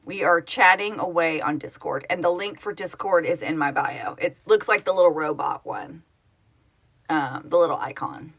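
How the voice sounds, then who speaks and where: Chatty bright-voiced woman live-streaming. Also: deep voice, moderate pace, slightly rough. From Oklahoma, United States. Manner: chatty, rambling, self-correcting, answers viewers aloud. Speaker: livestream host, project founder. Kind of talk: casual live-stream chat reading comments.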